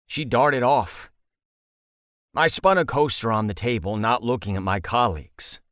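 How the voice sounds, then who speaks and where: A man's voice: medium pitch, expressive, measured pace, fairly bright tone, no echo, clean studio sound. A man narrating a first-person audiobook in a wry, conversational storytelling manner.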